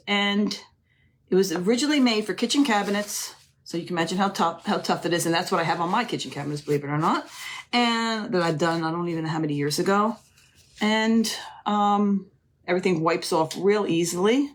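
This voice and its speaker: Gushing low-voiced craft host woman. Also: slight background noise. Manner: chatty, gushing, keeps calling viewers "ladies". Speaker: crafting live-stream host. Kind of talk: live craft demonstration chat.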